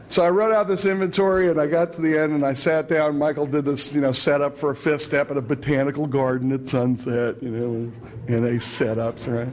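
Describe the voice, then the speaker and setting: Chatty man with a slightly high voice. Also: flat delivery, brisk. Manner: chatty, fills with "you know" and "right", chuckles between lines. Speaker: speaker sharing his recovery story. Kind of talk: humorous storytelling at a recovery meeting.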